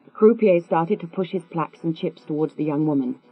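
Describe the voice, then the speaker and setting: A woman narrating a thriller audiobook in a measured, composed read. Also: deep voice, expressive, husky. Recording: tinny, phone-like with mains hum.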